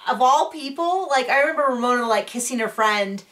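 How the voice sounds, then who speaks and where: A woman chatting casually as she recaps a show, rambling and acting out quotes in a higher voice. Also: expressive, normal speed, few pauses, a bit bright, recorded from a distance. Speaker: recap vlogger.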